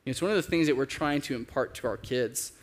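A man in his thirties preaching a sermon, earnest, slowing down to stress key phrases. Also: mid-range voice. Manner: earnest, varies pace, slows for emphasis. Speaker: pastor.

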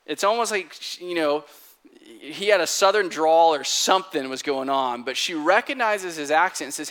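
Preacher guy, bright forceful voice, animated storytelling, talks like chatting with the room. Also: on the high side, moderate pace. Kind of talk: sermon.

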